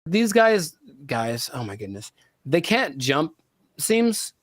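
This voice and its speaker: A fairly high-voiced man reacting on a casual co-hosted show, exclaiming and dragging out words as he goes. The recording is dry and close. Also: slow pace, no echo. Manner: animated, exclaims and drags words out. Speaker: co-host.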